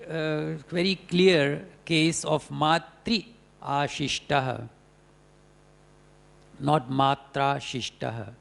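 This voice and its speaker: Slow, gravelly Indian man lecturing. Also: fairly high pitch, fairly bright tone. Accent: Indian English. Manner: slow, deliberate explanation with many hesitations. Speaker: Sanskrit scholar lecturing. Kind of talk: academic workshop lecture.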